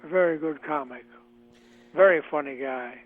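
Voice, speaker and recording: Older male comic-actor guest, phone-quality audio, chatty with lots of fillers. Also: mid-range voice. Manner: chatty, halting with many fillers. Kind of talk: radio interview, reminiscing. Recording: tinny phone line.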